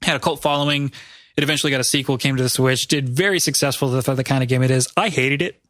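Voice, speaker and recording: A man's voice: mid-range voice, steady tone, fast talker, a bit bright, dry recording. Male podcast host, mid-range voice, chatty and meandering with frequent self-corrections, dry mic. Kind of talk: casual chat.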